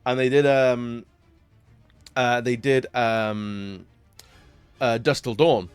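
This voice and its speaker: A man's voice: medium pitch, fairly even intonation, slow, clean tone, no room sound, soft background music. A man chatting casually on a live stream while gaming, rambling with lots of fillers and frequent laughs.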